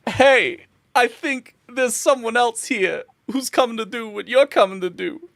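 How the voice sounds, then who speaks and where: Woman playing giddy tavern barkeep, squeaky and amazed, dry close mic. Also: unhurried, creaky, a bit bright, no room sound. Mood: gushing. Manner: gushing, astonished, high-pitched. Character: excitable male tavern bartender.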